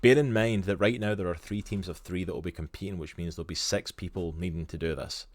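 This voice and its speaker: A man's voice: low voice, steady tone, quick pace, no room sound. A Scottish man co-hosting a live stream, chatty and enthusiastic, in casual talk. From Scotland. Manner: chatty and enthusiastic, with lots of "literally" and "like". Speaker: stream co-host.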